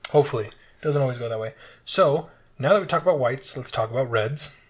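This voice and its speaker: A man's voice: mid-range voice, a little fast, husky. A man co-hosting a casual podcast chat, explaining a topic at length in a lecturing but easygoing way. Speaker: podcast co-host explaining wine.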